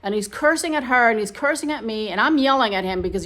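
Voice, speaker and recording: A woman's voice: medium pitch, fairly quick, a bit bright. Woman, middle-aged, vlogger, personal story, emotional, rambling, casual. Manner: emotional, rambling, restarts often. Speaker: vlogger sharing her story.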